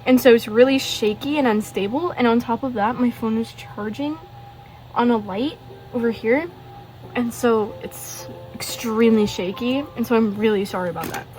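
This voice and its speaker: A woman's voice: fairly high pitch, normal speed, darkish tone, slight background noise, poor audio. A teenage girl in casual chat, showing her sketchbook in her bedroom and gushing with lots of fillers and rambling asides. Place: bedroom at a desk. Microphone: phone hanging above the desk.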